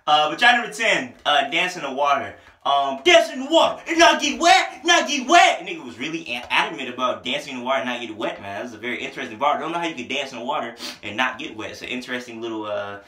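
A man reviewing an album in a casual, rambling way, excitable and full of slang, with a headache. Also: mid-range voice, fast, few pauses. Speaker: music reviewer. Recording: echoey room.

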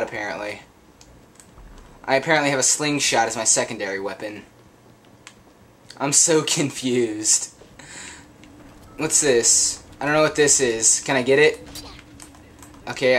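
A man's voice: fairly high pitch, fairly bright tone, slight background noise. Young man swearing through a confused let's play. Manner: confused, swearing a lot, laughing, yelping when hit. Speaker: gameplay commentator. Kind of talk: casual let's play commentary.

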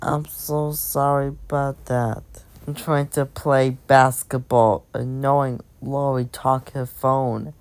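A woman voicing a young girl in a fan-made cartoon who apologizes to her family in halting, repetitive phrases full of fillers. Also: very deep voice, little pitch movement, darkish tone, full character voice. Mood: sheepish.

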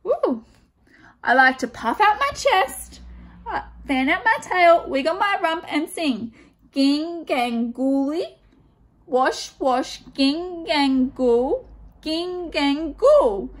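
A woman's voice: very high voice, very animated, slow pace, a bit bright, pitched above the performer's own voice, full character voice. A woman voicing a bossy, glamorous female bird stylist who gushes and calls everyone darling. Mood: gushing.

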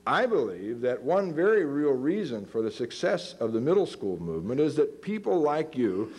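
A man's voice: medium pitch, normal speed, breathy edge. A man of about fifty giving a lecture in a university auditorium, telling stories animatedly and acting out the voices in them. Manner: animated, acts out quoted voices. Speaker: guest lecturer. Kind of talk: storytelling lecture.

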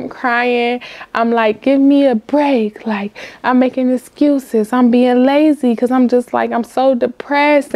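A woman's voice: mid-range voice, a little mellow, no room sound. A young woman hosting a candid vlog, speaking frankly and repeating herself as she talks straight to her viewers. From Cleveland, US. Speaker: host. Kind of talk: casual candid monologue.

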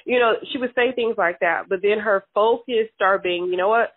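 A woman's voice: mid-range voice, normal speed, no echo. A woman being interviewed about family routines, heard over a tinny, phone-like line with a dry sound. She talks loosely and chattily, with plenty of "you know" and restarts. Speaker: interviewed mother. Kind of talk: casual chat.

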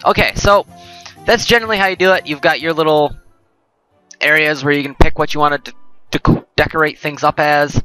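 A man's voice: on the high side, fairly even intonation, brisk, sharp tone, faint music behind, rough recording. A man hosting a let's play, giving rambling, jokey gameplay commentary and often correcting himself.

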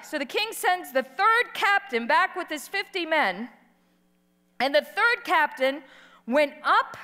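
Animated woman preacher in a big hall. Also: high-pitched. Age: middle-aged. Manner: animated storytelling, acts out quotes, calls for audience response. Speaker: guest preacher. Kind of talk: sermon. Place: large hall. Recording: live sermon in a reverberant hall.

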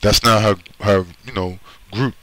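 A man's voice: lowish voice, steady tone, unhurried, sharp tone, dry recording, poor audio. A man from the United States in a blunt, profane monologue who keeps checking in with "right?" and "you see?". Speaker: video commentator. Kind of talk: emphatic monologue.

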